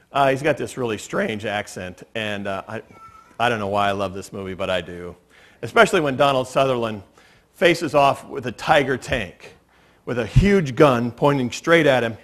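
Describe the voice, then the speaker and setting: A man preaching a sermon as pastor, relaxed and conversational, mixing humor and stories into his teaching in a church. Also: mid-range voice. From United States. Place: church sanctuary.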